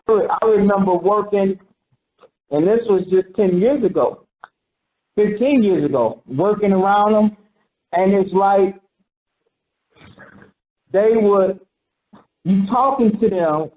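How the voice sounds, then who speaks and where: High-voiced man preaching conversationally. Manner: animated, quizzes listeners and acts out quotes. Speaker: preacher teaching a congregation. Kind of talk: conversational sermon teaching. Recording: dull lo-fi recording.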